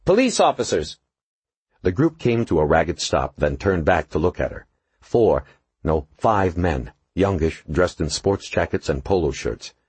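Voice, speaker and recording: A man reads an audiobook in a very low voice that moves a lot in pitch. The tone is husky, and the sound is dry and close. His telling is measured and expressive. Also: no room sound. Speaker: audiobook narrator. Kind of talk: scripted narration.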